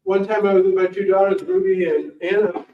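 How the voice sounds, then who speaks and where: A high, slightly creaky male voice belongs to a morel hunting champion speaking as a guest, and he talks a little fast. He rambles through animated, casual anecdotes for listeners in a library meeting room, heard on a distant, roomy, dull recording.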